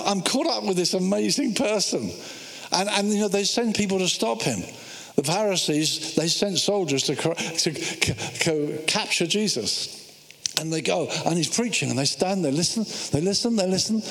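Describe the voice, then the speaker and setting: A man's voice: sits high, moderate pace. A man preaching a sermon, telling Bible stories with energy and acting out the voices of the people in them. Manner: animated storytelling, acting out biblical voices. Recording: echoey hall.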